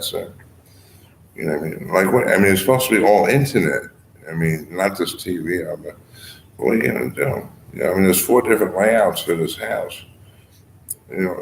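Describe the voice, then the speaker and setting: Deep-voiced rambling man, echoey room. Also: gravelly. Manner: digressive, fills speech with "you know" and "I mean", chuckles often. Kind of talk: rambling monologue. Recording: echoey room with faint ambient noise.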